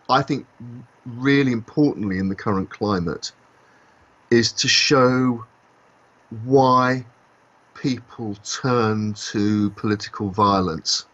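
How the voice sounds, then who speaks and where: A man co-hosting a podcast discussion, talking in a halting way with many fillers and restarts. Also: fairly low pitch, a bit bright. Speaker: podcast co-host. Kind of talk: casual discussion. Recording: dull lo-fi podcast audio.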